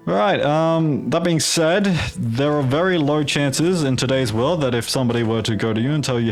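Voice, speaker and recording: A man's voice: mid-range voice, moderate pace, hardly any pauses, soft background music. A man hosting a gameplay video in a put-on Australian accent, rambling with profane, jokey asides. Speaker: gaming video host. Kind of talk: casual gameplay commentary.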